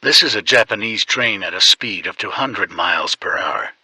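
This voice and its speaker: A man's voice: lowish voice, expressive, moderate pace, music in the background, poor audio. A man reading a sneering scripted voice-over.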